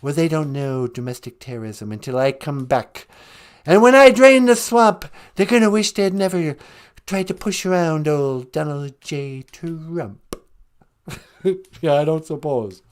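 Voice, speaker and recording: A woman's voice: low voice, a little slow. A woman co-hosting a podcast, teasing her partner playfully.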